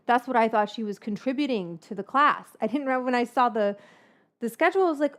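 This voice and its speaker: A woman's voice: fairly high pitch, expressive, a little fast. Chatty, outspoken woman cooking and talking. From San Francisco Bay Area. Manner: rambling, frank, swears freely, drifts into tangents. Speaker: cookbook author and cooking host. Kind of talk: casual chat while cooking.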